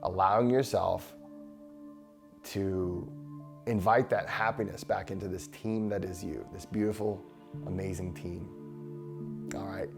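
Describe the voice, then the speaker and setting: A man hosting a show, leading a guided breathing exercise in a slow, soothing, encouraging way. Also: fairly low pitch, gravelly. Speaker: breathwork host.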